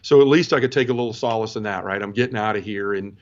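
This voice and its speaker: A man's voice: on the low side, fast talker. A man in his forties, a podcast guest, telling a personal testimony in an earnest, conversational way and often turning to the host. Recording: dull lo-fi sound.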